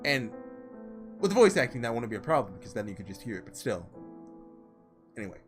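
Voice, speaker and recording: A man hosts a let's play of a visual novel, offering casual game commentary that rambles and overflows with filler words like "like." His mid-range voice is sing-song and brisk with frequent pauses, and faint music plays in the background.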